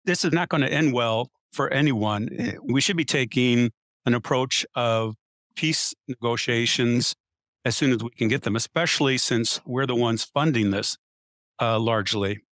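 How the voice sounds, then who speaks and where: A man's voice: mid-range voice, moderate pace, fairly bright tone, no echo, clean studio sound. A man in a casual panel debate, arguing his point insistently and reeling off statistics. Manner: argumentative, cites statistics. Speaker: panel guest.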